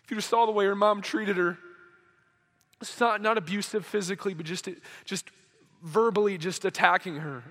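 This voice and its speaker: High-voiced man preaching in a hall. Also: fairly even intonation, moderate pace, fairly bright tone. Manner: emotional, acts out quoted dialogue. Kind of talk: sermon with storytelling. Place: church service hall. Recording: hall reverb.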